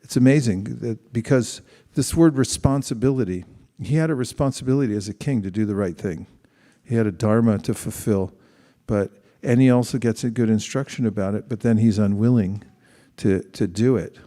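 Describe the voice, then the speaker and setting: A man leading a scripture study class, reading a passage aloud and then asking thoughtful questions, often pausing to rephrase. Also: fairly low pitch, warm tone. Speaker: class leader.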